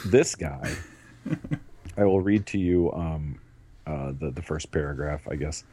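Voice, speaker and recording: A man's voice: low voice, unhurried, darkish tone, slight background noise. A man co-hosting a podcast in casual chat, laughing often and swearing freely as he riffs. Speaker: podcast co-host.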